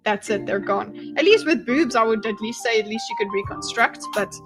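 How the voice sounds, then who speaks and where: A woman's voice: a little high, normal speed, music in the background. A woman hosting a live stream, casually reacting to a debate video, thinking aloud and greeting her chat. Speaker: commentary streamer.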